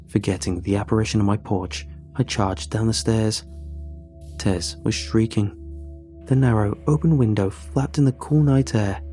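A man narrating a horror story in a measured, somber way. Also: lowish voice, mellow.

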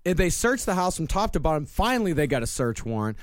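A man's voice: on the high side, sing-song, fast, no echo, studio quality. A man hosting a casual true-crime podcast, laying out the case step by step and swearing freely. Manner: profane, explanatory storytelling. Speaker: podcast host.

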